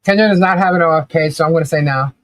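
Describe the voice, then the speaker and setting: A woman's voice: sits low, brisk, no echo. A middle-aged woman hosting a casual live stream, chatting animatedly and laughing often as she reacts to viewer comments. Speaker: livestream commentary host.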